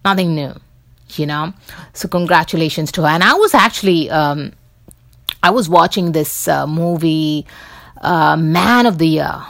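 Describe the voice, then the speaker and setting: Woman host, lower voice, casual rambling commentary, dry close sound. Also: unhurried, vocal fry, fairly bright tone, dry recording. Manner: rambling, many fillers and restarts. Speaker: podcast host.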